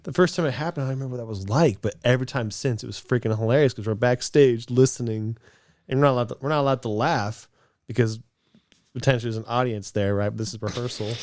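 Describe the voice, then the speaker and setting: A man co-hosting a podcast in casual chat, telling stories and laughing often. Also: medium pitch. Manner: laughs often, quick storytelling. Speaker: podcast co-host.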